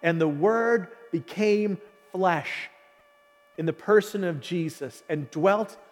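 A man with a high voice preaches with passion. He builds his points through repetition and dramatic pauses. His voice carries a long, lingering reverb. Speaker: pastor. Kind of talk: sermon.

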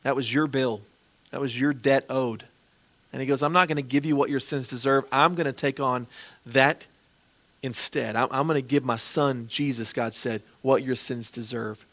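A man preaching as a pastor, earnestly and gently pleading as he leads a closing prayer. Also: mid-range voice, steady tone, normal speed.

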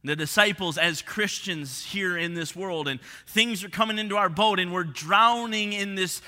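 Male pastor, high bright voice, expressive sermon delivery, hall reverb. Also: normal speed. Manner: expressive preaching, drops to hushed tones for emphasis.

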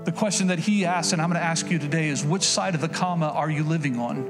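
A middle-aged man preaches in a loose, folksy way, circling back on his phrases and slipping into quoted voices. His voice sits a touch high for a man. Clear music plays behind him throughout the church recording. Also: fast, few pauses. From Oklahoma. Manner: folksy, conversational preaching with repetitions and acted-out quotes. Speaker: pastor. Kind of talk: sermon.

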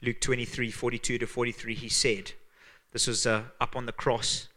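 A man with a Zimbabwean accent preaching a sermon as pastor, earnest and emphatic, dropping to hushed tones for weight. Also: mid-range voice, level tone, moderate pace.

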